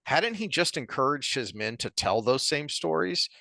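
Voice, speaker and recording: A man's voice: a little high, very animated, gravelly, bright, forceful tone, no room sound. A man co-hosting a podcast, casually discussing a book and reading passages aloud with lots of restarts. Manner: halting, reads passages aloud, many restarts. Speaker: podcast co-host.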